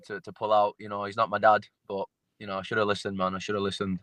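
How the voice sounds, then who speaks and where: Male fighter, mid-pitch, dry close sound, blunt sweary chat. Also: flat delivery, fast talker, fairly bright tone, no echo. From England. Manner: swearing, blunt, repeats himself. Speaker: MMA fighter guest. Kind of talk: casual interview chat.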